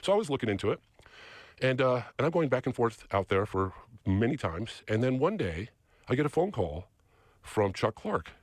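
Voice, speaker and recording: A man's voice: medium pitch, sing-song, moderate pace, darkish tone, no echo, studio quality. A man, a podcast guest, telling a long story with energy and acting out other people's lines in quotes. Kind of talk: animated storytelling.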